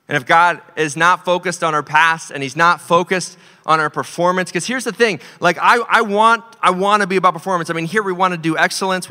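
A male pastor telling a story in a sermon, animated, swinging between loud and hushed delivery. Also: a little high. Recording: long hall reverb.

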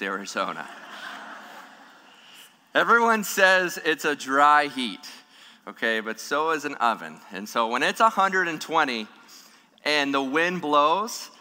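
Male pastor, sermon, bright ringing voice, fairly high, long hall echo. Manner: animated, humorous, acts out scripture voices.

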